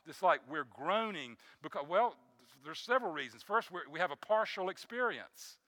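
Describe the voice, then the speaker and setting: A man delivering a sermon from the pulpit, his voice pitched high with a gravelly edge. He pushes phrases with bright force, then sinks to a hushed low tone on the points he wants to land. The sound is dry and close. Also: brisk, dry recording. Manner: preaching with rising emphasis and many restarts; drops to a soft low voice on key phrases. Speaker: pastor.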